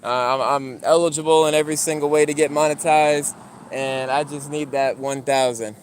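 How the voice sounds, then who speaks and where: A man's voice: moderate pace, slight background noise. Casual young man streaming outdoors. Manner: animated storyteller, voice climbing high when retelling arguments. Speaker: YouTuber streaming live to chat. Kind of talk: casual livestream chat while walking a dog. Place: outdoors in a yard.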